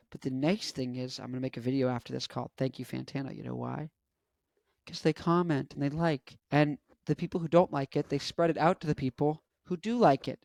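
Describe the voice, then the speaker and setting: A man in his twenties, a rock musician vlogging, talking casually with frequent restarts and excited jumps in energy. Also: vocal fry, no room sound. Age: 20s. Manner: chatty, animated, swings up to excited highs and back; frequent restarts and repeated phrases. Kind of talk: casual rambling monologue.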